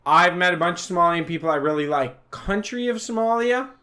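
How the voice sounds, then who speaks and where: A man's voice: high-pitched, expressive, a little fast, bright, forceful tone. A man co-hosting a podcast in casual chat, talking in crude, ranting bursts. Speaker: podcast co-host.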